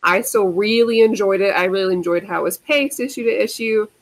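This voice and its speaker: A woman co-hosting a relaxed podcast, sharing her take in an upbeat, enthusiastic way. She speaks in an ordinary, everyday voice at a middling pitch. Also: fairly quick. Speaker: podcast co-host. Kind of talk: casual chat.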